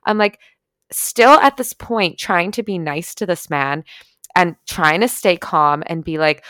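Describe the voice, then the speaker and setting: A young woman tells a personal story in a casual, animated way, dropping "like" and "literally" often. Her voice sits low and sounds smooth. The sound is dry and close. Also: measured pace, no room sound. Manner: animated, frequent "like" and "literally", swearing.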